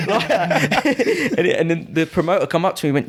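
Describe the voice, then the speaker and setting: A man's voice: fairly high pitch, normal speed. A young man in his twenties, a podcast guest telling anecdotes in a casual way and acting out other people's lines in a raised voice. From United Kingdom. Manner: lively, acts out quoted people in a raised voice. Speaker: podcast guest, Muay Thai fighter.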